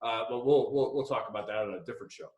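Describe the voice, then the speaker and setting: A man's voice: medium pitch, fast, over a noisy crowd. A man hosting a casual podcast, rambling and joking with frequent swearing. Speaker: podcast host. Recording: echoey room.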